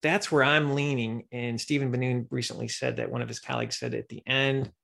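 A middle-aged man hosting a podcast, telling stories and dreams in an earnest, animated monologue with voiced quotes. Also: medium pitch, fairly quick, creaky. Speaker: podcast host sharing dreams. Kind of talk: casual monologue.

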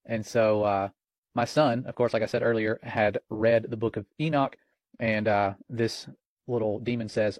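Speaking with a fairly low, steady, slightly mellow voice at a moderate pace, a middle-aged man co-hosts a Christian watchman podcast. He reads chat quotes aloud in an earnest, alarmed tone, offering casual religious commentary with no room sound.

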